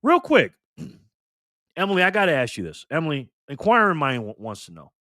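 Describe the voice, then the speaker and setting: A man's voice: on the high side, sing-song, brisk, pushed and bright, no echo, studio quality. A man hosting a casual livestream, talking in a slangy, playful way and thanking viewers by name. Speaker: livestream host reading donations.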